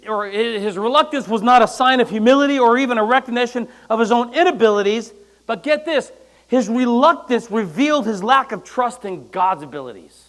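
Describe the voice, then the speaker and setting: High-voiced man preaching an animated sermon. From United States. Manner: animated preaching, acting out quoted lines with loud bursts. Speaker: pastor. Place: church.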